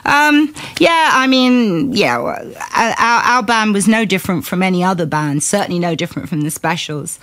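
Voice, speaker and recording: A woman in her fifties tells tour stories in a loose, lively way. She laughs a lot, keeps a wry edge, and her voice sits in an ordinary middle register. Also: mid-range voice, normal speed, few pauses, dry recording. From England. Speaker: guest singer. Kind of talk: conversational interview.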